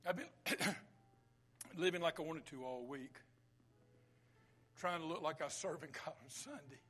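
Preacher swinging from loud to whisper. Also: male voice, fairly high pitch, moderate pace. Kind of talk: sermon.

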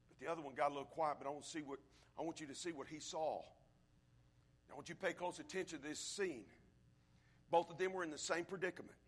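A male preacher delivering a sermon, swinging from hushed tones to shouting build-ups and speaking straight to the congregation. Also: high-pitched. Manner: addresses the congregation directly.

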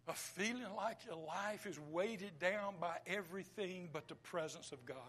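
A man preaching a sermon, swinging between loud declarations and hushed whispers. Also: sits high, moderate pace, few pauses.

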